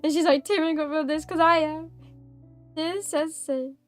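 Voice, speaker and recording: A woman's voice: high voice, fairly even intonation, normal speed, soft background music. A woman streaming a story game, reacting in a playful, dramatic, jokey way. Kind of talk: casual gaming stream commentary.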